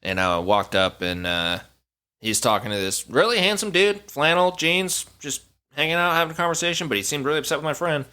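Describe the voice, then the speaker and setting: A young man co-hosting a podcast, chatting casually in a studio. His voice is bright and very lively and jumps around in pitch. He tells his stories with animation and acts out the voices of the people in them. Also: a little fast, clear, resonant tone. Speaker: podcast co-host. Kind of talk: casual chat.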